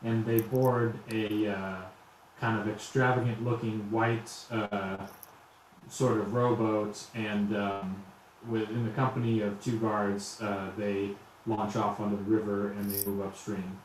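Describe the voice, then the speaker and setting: Echoey game master narrating. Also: male voice, lowish voice, level tone. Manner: loose, halting narration with many fillers. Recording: very echoey room, faint hum.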